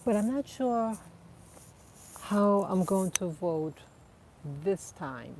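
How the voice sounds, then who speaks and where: A woman vlogging while out walking her dogs, chatting in a relaxed, reflective way with soft laughs. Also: mid-range voice, slow, a little hiss or hum. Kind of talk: casual outdoor vlog chat. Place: outdoors in a park. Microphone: clip-on mic, wind audible.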